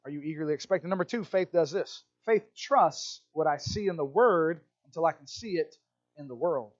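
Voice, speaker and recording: A man's voice: on the high side, normal speed, lo-fi sound. A man preaching a sermon as a pastor, telling stories and acting out little voices. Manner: animated storytelling, acts out voices.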